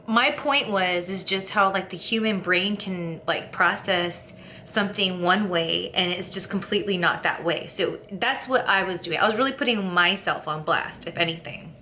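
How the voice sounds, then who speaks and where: A woman's voice: fairly low pitch, normal speed, few pauses, pushed and bright, slight background noise. A young woman from California chatting casually to camera as a vlogger, rambling and candid, with lots of fillers and laughing at herself.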